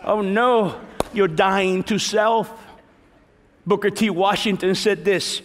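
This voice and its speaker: A man pastor preaching a sermon to a congregation in a large church, animated, acting out prayers and teasing the listeners. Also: sits high, slow pace, slight background noise. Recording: long reverb of a large hall.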